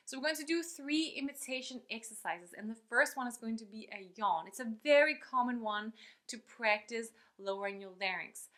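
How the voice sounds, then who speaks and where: Woman voice teacher, higher pitch, bright tone, chatty and upbeat. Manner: upbeat and chatty, breaks off to demonstrate sounds. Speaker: vocal coach. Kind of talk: online singing lesson.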